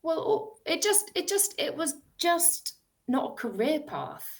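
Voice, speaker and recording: Lively British woman telling her story. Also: high voice, slow, gravelly. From United Kingdom. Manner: animated, laughing storyteller who acts out her past self. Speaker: actor and guest. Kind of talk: storytelling interview talk.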